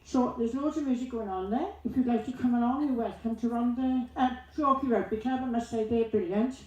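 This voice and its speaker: A woman's voice: on the high side, brisk, darkish tone, far from the mic, lo-fi sound. Chatty woman in echoey hall. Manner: chatty, laughing, joking asides. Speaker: music club organiser giving thanks. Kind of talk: speech at a community event.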